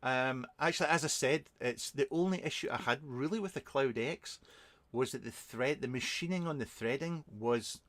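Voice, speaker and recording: A man's voice: mid-range voice, moderate pace, few pauses, a bit bright, no room sound. A man, a reviewer hosting a casual live stream, answering viewers in a rambling, chatty way with many ums and restarts.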